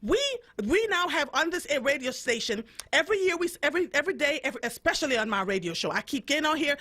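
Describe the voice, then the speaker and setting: A woman's voice: high voice, sing-song, fast talker, hardly any pauses, pushed and bright. A woman from Jamaica hosting a radio show, giving an impassioned, emphatic monologue and repeating points for emphasis. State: fed up. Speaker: radio host.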